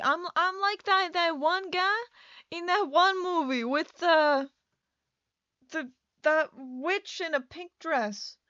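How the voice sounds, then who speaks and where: A woman's voice: high voice, bright, forceful tone, no room sound, muffled recording. A woman doing a casual voice-over for her building video, rambling and scattered, with many restarts and bursts of laughter. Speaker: video creator.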